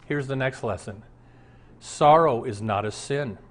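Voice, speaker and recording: A man's voice: mid-range voice, measured pace. A man in his sixties, a pastor, preaching an earnest, conversational sermon full of rhetorical questions.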